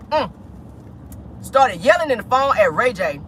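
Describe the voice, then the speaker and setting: An animated, sassy gossip vlogger talking casually from a parked car, the pitch swinging all over the place with a bright, forceful edge. The chatter is full of exclamations and crude slang. Faint car and street noise hums underneath. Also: moderate pace, long pauses. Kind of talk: casual celebrity gossip talk. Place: inside a car.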